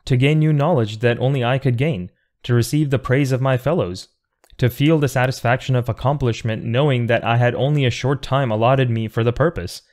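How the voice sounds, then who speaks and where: A thoughtful, defiant man arguing against eternity, read by a man in an audiobook. He talks earnestly and precisely, pressing each point at an average pitch. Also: a little fast, a little mellow, lightly acted. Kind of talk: audiobook reading.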